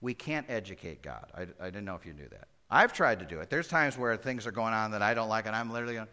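Male pastor, bright clear voice, animated, loud then hushed, conversational Bible teaching. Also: on the low side, quick pace, hardly any pauses. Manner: acts out Bible characters conversationally. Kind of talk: expository sermon.

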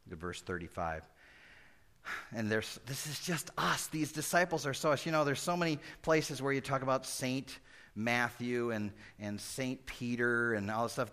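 A man preaching a verse-by-verse sermon as pastor, animated and conversational, swinging between loud emphasis and hushed asides. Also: medium pitch, normal speed. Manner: acts out Bible characters conversationally. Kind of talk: expository sermon.

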